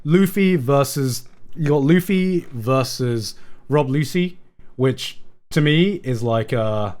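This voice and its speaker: A young man chatting casually on a live stream. He is excitable, swears a lot and repeats himself. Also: medium pitch, slow.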